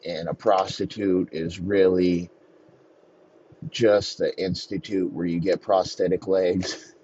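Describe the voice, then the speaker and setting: A man telling a crude, rambling comedic story in a profane, deadpan way. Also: low-pitched, slow, slight background noise. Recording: dull lo-fi recording.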